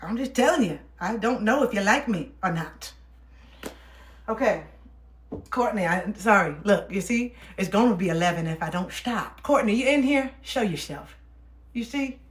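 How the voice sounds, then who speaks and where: Young female livestream host, casual and soothing, mid-pitched, roomy sound. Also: lively intonation, moderate pace. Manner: chatty, laughs often, soothing when reassuring. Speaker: livestream card reader. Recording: roomy echo.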